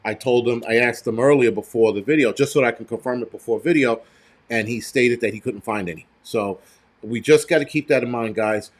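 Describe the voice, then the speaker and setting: A man's voice: mid-range voice, brisk. An American man hosting a live stream, talking bluntly and profanely in loose, rambling commentary straight to his viewers. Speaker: prepper channel host.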